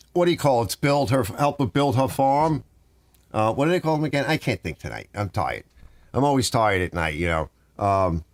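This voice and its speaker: A man's voice: medium pitch, dry recording. A middle-aged man hosting a casual garage live stream, rambling and ranting while answering his viewers' chat. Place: home garage.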